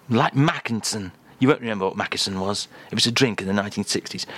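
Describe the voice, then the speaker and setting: A man's voice: on the low side, quick pace, hardly any pauses, a bit bright. A man presenting a comic radio show in a jokey, teasing, mock-exasperated way at a close studio microphone.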